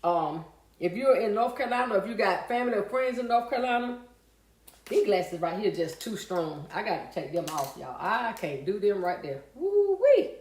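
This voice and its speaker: A woman's voice: medium pitch, expressive, normal speed, a little mellow. A woman hosting a casual livestream, chatting with viewers and reading out their comments in a folksy way. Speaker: livestream host. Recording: echoey room.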